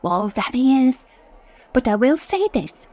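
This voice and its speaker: A fussy, excitable wife. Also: female voice, sits high, slow pace, exaggerated voice. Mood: fussing. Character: fretful, scheming middle-aged wife. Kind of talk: radio sitcom acting.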